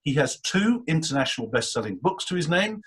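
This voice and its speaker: Male interviewer, slightly higher voice, smooth presenter style. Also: sing-song, brisk. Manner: warm, polished presenter delivery. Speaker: host.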